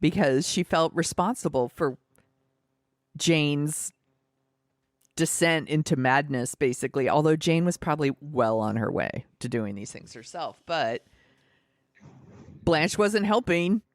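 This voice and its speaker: A woman co-hosting a podcast, recapping a film plot in animated, casual chat. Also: low voice, measured pace, pauses often, dry recording, studio quality. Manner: chatty, animated recapping with laughs and fillers. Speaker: podcast co-host. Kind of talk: casual movie discussion.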